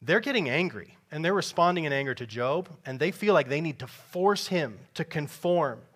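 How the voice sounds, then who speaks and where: Emphatic, slightly high-voiced male preacher. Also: expressive, moderate pace, fairly bright tone, husky. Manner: conversational and emphatic, with sarcastic asides. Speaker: pastor. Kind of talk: preaching a sermon. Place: church before a congregation.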